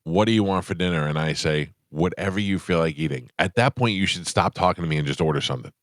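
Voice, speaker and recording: Male radio host, deep and bright-edged, rapid joking banter, dry studio mic. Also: dry recording. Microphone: studio microphone.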